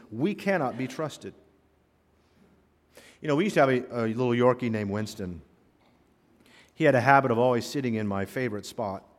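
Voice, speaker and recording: A man preaching a sermon to his congregation, telling stories with punchy asides and an animated, lively delivery. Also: medium pitch. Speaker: pastor. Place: church sanctuary. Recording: long reverb of a large hall.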